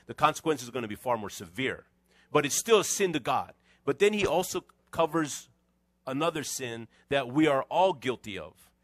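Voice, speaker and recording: A middle-aged man, preaching a conversational sermon as a pastor with animated, joking asides to his congregation. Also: medium pitch, no room sound. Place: church sanctuary.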